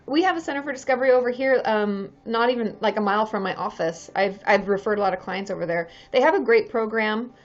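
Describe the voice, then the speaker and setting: A woman's voice: mid-range voice, fast, few pauses. Candid woman therapist on a lo-fi livestream. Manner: candid, chatty, swears freely, laughs often. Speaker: licensed therapist hosting a livestream. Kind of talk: casual live-stream chat. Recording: dull lo-fi live-stream audio.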